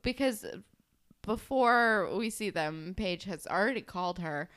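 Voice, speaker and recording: Young woman co-host, dry jokey asides, pitch bounces around a lot. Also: animated, measured pace, fairly bright tone, clear, resonant tone. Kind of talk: casual recap chat.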